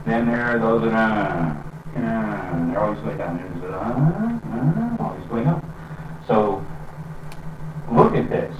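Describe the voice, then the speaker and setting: A man giving a reflective spiritual talk in an unhurried way, with pauses and fillers. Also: lowish voice, big pitch swings, a little hiss or hum. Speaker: spiritual teacher. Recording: roomy, distant and dull lo-fi sound with faint ambience.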